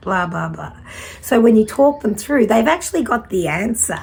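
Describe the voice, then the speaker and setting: A woman's voice: fairly high pitch, lively intonation, moderate pace, gravelly, a little mellow, slightly rough. A woman, giving a casual tarot reading in a fiery, direct way. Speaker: tarot reader.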